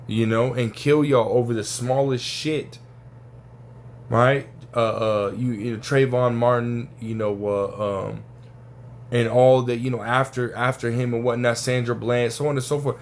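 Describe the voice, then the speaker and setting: A man's voice: mid-range voice, fairly even intonation, a little slow, a little hiss or hum. A man giving an informal religious teaching, talking casually and profanely and tagging his points with "right?" and "man". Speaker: scripture teacher.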